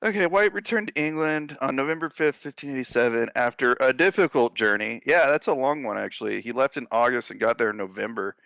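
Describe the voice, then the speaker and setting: With a gravelly, medium-pitched voice and a clean tone free of room sound, this comedy history podcast co-host talks briskly with few pauses. He reads the story and riffs on it animatedly, cursing and laughing a lot in a loose, comedic history chat.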